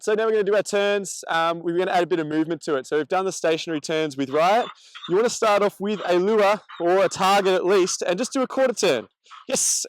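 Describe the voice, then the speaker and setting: A man's voice: on the high side, no room sound, low-quality recording. A man teaching dog training as he demonstrates, coaching and praising the dog between explanations. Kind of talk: instructional demonstration.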